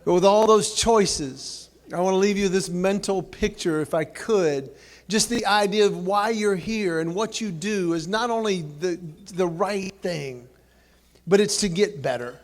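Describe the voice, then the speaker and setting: A man's voice: sits high, unhurried. A man giving a humorous after-dinner speech at a banquet, telling folksy stories with comic asides. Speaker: banquet speaker.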